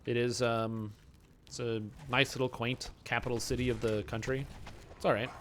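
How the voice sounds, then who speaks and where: A man's voice: medium pitch, level tone, normal speed, a bit bright, a little hiss or hum. A man from Canada streaming a game and chatting casually, sarcastic and rambling as he answers chat. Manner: sarcastic, rambling, mocking quoted voices.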